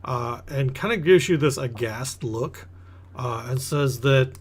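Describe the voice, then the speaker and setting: A man narrating as game master of a tabletop game, pausing with fillers while he describes. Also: medium pitch.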